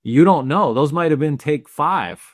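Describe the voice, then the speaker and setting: A man's voice: on the high side, expressive, no echo, studio quality. A man co-hosting a film podcast, talking things through thoughtfully in casual chat, often restarting his sentences. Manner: thoughtful, halting, with restarts and questions. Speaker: podcast co-host.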